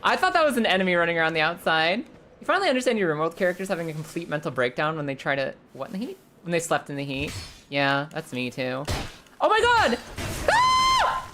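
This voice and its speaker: A woman streaming a game live, chatting casually with viewers, swearing freely and breaking into high squeals when the game startles her. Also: expressive, fast talker, a bit bright, soft background music.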